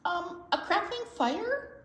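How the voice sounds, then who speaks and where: A small, timid male mouse speaks in a soft, high, hesitant voice, all polite apologies, as a woman reading a storybook puts him on. The voice floats in a roomy, echoing space. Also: very animated, slow pace, heavily acted. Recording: roomy echo.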